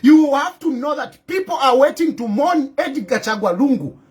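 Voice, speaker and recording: A man's voice: very high voice, animated, normal speed. A middle-aged Zambian man with a Zambian accent, giving an impassioned, scolding address as a political commentator, firing off rhetorical questions and repeating them. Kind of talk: impassioned direct-to-camera address.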